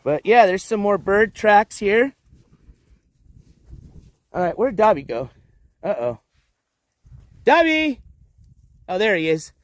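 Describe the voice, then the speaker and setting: Man, high voice, casual walk-and-talk streamer, coaxes his dogs, outdoor riverbed with dogs around. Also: animated, a little slow, long pauses, dry recording. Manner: chatty, coaxing his dogs in a raised voice. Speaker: livestream host. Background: dogs moving about outdoors.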